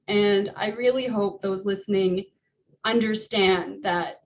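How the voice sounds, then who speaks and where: A woman speaks over muffled, lo-fi call audio, telling her own story of being frightened at home. Her voice sits at a middle pitch and wavers as she talks. She stops and starts, and slips in nervous little laughs. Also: steady tone, a little hiss or hum. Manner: shaky, halting, with nervous laughs. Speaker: resident sharing her story. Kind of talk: emotional personal testimony.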